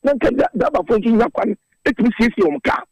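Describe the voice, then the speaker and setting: A man's voice: very high-pitched, expressive, brisk, breathy edge, no echo, poor audio. A man from Ghana speaking as a drivers' union spokesman in a radio interview, earnestly reeling off prices and figures.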